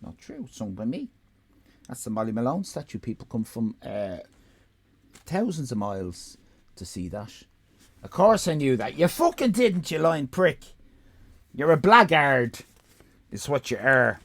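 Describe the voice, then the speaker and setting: A man's voice: medium pitch, very animated, measured pace, long pauses, fairly bright tone. An Irish man streaming live, giving rambling, sarcastic, profane commentary.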